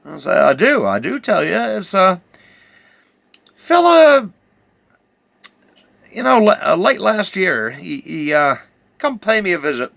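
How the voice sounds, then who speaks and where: Brief: middle-aged New man, rambling stammering storyteller, lively pitch, very dry close recording. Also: moderate pace, gravelly, no room sound. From New Zealand. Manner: rambling, stammering, full of hesitations. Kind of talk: rambling comic yarn.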